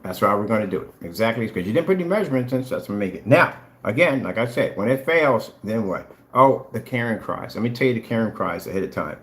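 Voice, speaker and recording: A man's voice: lowish voice, expressive, fast, hardly any pauses, a bit bright. Taunting, boastful man in an echoey room. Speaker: vlogger selling paint products. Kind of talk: trash-talking challenge vlog.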